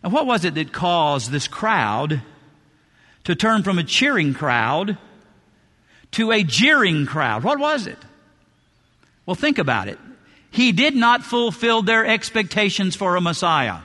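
A man preaches from the pulpit, hammering his points home through repetition. His voice sits high and bright. The sound rings with the long reverb of a large hall. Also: sing-song, a little slow. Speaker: pastor. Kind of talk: sermon. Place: church sanctuary.

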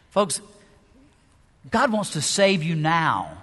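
A man's voice: high voice, animated, normal speed, bright, forceful tone. A man preaching a sermon as pastor, emphatic, with rhetorical questions and shifting pace. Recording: long hall reverb.

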